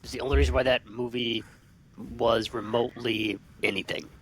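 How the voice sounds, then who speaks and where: A man's voice: medium pitch, flat delivery, moderate pace, fairly bright tone, a little hiss or hum. A man co-hosting a casual podcast chat who speaks in a tentative, hedging way. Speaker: podcast co-host.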